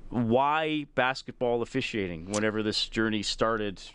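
A man's voice: lowish voice, unhurried, a bit bright, smooth. A man hosting a sports radio show from a studio, chatting casually with frequent restarts and fillers. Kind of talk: radio sports talk and interview. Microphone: studio microphone.

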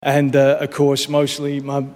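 A British man giving an award acceptance speech, halting and full of "uh" fillers, recorded in a large awards hall. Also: mid-range voice, completely flat delivery, darkish tone. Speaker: award winner. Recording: reverberant hall with crowd.

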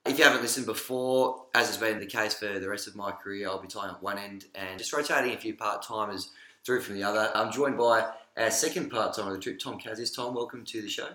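Young Aussie male podcast host, quick bright mock-serious patter, roomy echo. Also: on the low side. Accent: Australian. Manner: joking, mock-serious sports-presenter patter. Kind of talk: casual banter podcast.

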